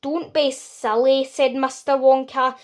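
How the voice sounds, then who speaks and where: A brisk, eccentric chocolate maker who cheerfully brushes off every worry, as a woman reads him aloud. The voice stays light and fairly high, with a storybook lilt. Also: little pitch movement. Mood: breezy.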